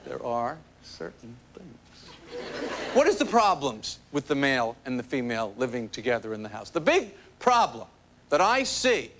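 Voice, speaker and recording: A man's voice: mid-range voice, big pitch swings, moderate pace, slight background noise. A man performing a stand-up comedy routine on a TV studio stage, with a wry, observational delivery and exaggerated demonstrations of different voices. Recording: loud studio audience laughter. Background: roaring crowd laughter.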